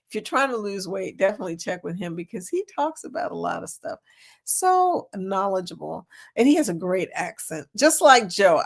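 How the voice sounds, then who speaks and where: A woman hosting a casual live chat, reading comments aloud and laughing often. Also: medium pitch. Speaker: livestream host.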